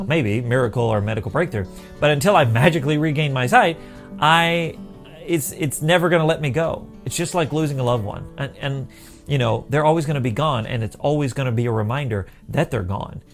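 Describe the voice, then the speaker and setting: A middle-aged man talking to camera in an earnest, rambling, encouraging way, with restarts and bits of self-talk. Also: fairly high pitch. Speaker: vlogger on living with sight loss.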